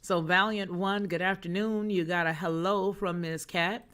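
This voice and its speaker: A woman's voice: lowish voice, steady tone, normal speed, fairly bright tone, smooth. A woman hosting a news and chat livestream, talking to her viewers in a sassy, emphatic way as she reads their comments. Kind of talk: casual chat, reading chat comments.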